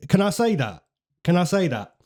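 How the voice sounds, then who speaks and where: A man hosts fight predictions in casual, chatty commentary, using slang and repeating phrases for emphasis. His voice sits high with a darkish tone, very animated, at a moderate pace.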